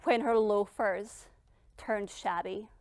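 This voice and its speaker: A middle-aged woman giving a dramatic motivational speech as a founder, emphatic and blunt, with long pauses. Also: medium pitch, fairly even intonation, dry recording, clean studio sound. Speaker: founder and keynote speaker.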